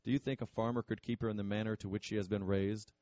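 A man voicing a stern, pompous wealthy father who speaks in a gruff, curt and scornful way. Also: on the low side, level tone, fast talker, dark tone, dry recording, highs cut off, lightly acted.

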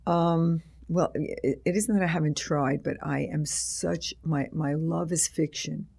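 A man's voice: on the high side, fairly even intonation, a little slow, vocal fry, darkish tone, husky. An older man, an author and teacher being interviewed, rambling through anecdotes with many restarts and acted-out quotes.

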